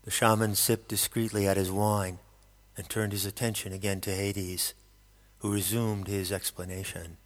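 A man narrating an audiobook in a steady, measured storytelling manner. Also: lowish voice. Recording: long hall reverb.

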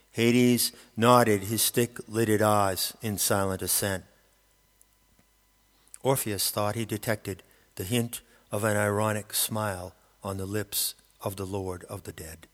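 A man narrating an audiobook in a steady, measured storytelling manner. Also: fairly low pitch. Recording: long hall reverb.

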